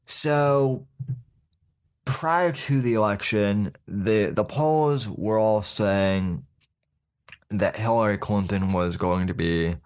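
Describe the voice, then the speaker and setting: A male podcast host with a lowish voice talks slowly through his opinions. He is folksy and sarcastic, calls his listeners folks, and stops and restarts his sentences often. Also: a little mellow, clear, resonant tone. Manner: halting, with frequent fillers and restarts. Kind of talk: casual opinion commentary.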